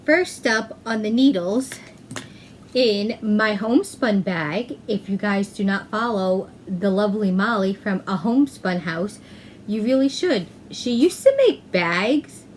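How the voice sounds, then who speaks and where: A woman hosting a knitting podcast, chatting casually, often pausing with "um" and correcting herself mid-sentence. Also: medium pitch, a little hiss or hum. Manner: chatty, self-correcting, frequent "um". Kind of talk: casual chat.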